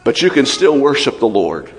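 Pastor guy preaching, gets all emotional then drops way down low, big echoey church hall. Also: normal speed. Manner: emotional, animated preaching with laughs and sudden drops to low, quiet tones. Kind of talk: sermon.

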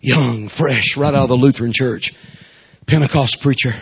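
A man, a traveling Pentecostal preacher telling stories in a fiery revival sermon, fervent and breaking into shouts and whoops. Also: medium pitch, normal speed, breathy edge, big-room sound. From South Arkansas. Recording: dull lo-fi recording.

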